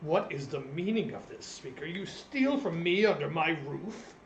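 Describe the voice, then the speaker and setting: A man's voice: fairly high pitch, lively intonation, moderate pace, roomy sound, a little hiss or hum. A man voicing an evasive, wrinkled old male innkeeper who brushes people off dismissively. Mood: accusing. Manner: dismissive and hand-waving.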